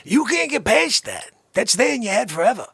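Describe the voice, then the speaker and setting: A man hosting a casual livestream, chatting excitably, laughing often and calling out to viewers. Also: very high-pitched, brisk, creaky, slightly rough, no room sound. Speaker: livestream host. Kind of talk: casual livestream chat with music.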